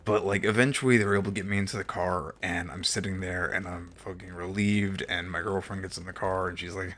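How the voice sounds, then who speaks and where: A man's voice: low voice, steady tone, fast talker, few pauses, a bit bright. A young man streaming, telling a story casually with exasperated, profane asides.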